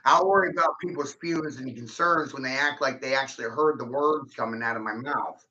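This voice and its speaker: A man's voice: mid-range voice, brisk, pushed and bright, highs cut off. A man ranting angrily in a casual vlog, swearing heavily and jumping between grievances. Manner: angry, swearing, erratic. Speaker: vlogger. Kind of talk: profane rant to camera.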